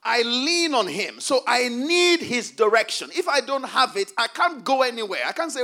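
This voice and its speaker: A man preaching a sermon in a strikingly high, forceful voice with a bright edge. He drives his points home by repeating phrases and pausing to ask the congregation for an answer. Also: sing-song. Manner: emphatic, repeats key phrases, asks the congregation for responses.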